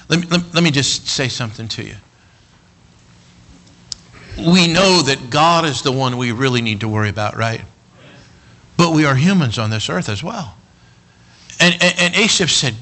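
Male preacher, bright, forceful delivery, soft asides break into shouts, repeats himself. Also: medium pitch, expressive, normal speed, long pauses, poor audio. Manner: swings from quiet talk to shouted emphasis; stumbles and repeats words. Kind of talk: sermon.

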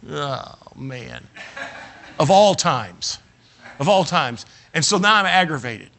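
A man's voice: fairly high pitch, very animated, slow, sharp tone. An older man, a preacher telling a folksy, self-mocking story in a sermon. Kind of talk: sermon with humorous personal anecdote.

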